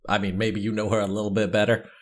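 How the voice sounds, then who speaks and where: A man's voice: on the low side, level tone, fast talker. A man co-hosting a podcast, rambling and teasing himself in casual chat. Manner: rambling, self-mocking. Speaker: podcast co-host.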